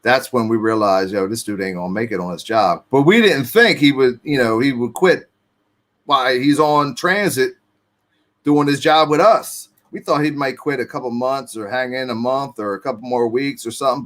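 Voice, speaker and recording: A man's voice: mid-range voice, moderate pace, a bit bright. A man telling his own story in casual street slang, swearing freely and acting out what people said. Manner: street slang, profane, acts out quotes.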